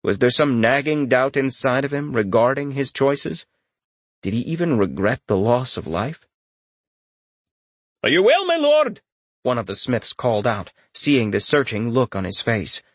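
A man's voice: mid-range voice, no room sound. Man narrating a fantasy audiobook, dry. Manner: steady storytelling read with dramatic rises for quoted lines.

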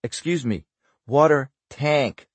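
A man's voice: very animated, a little fast, husky, dry recording. A man voicing a no-nonsense woman police detective in a lifted, lighter voice. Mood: sharp questioning. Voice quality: raised, lighter pitch.

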